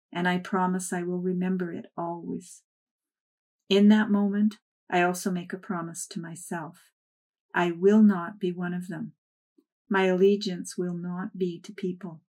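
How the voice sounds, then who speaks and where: A woman reading a first-person memoir aloud in a soft, measured storytelling voice. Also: fairly low pitch. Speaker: narrator.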